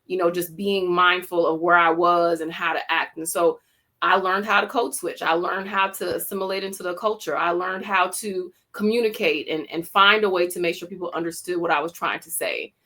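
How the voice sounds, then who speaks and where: Bright-voiced Jamaican-accented woman. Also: on the low side, fairly even intonation, normal speed. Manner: reflective storytelling with many restarts. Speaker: teacher and guest. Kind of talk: podcast interview.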